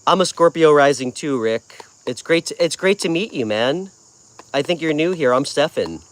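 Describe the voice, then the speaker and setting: A man's voice: on the high side, lively intonation, moderate pace. A man hosting a casual live tarot stream, talking in a friendly, chatty way as he answers viewers' comments. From New York. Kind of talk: casual livestream chat with viewers.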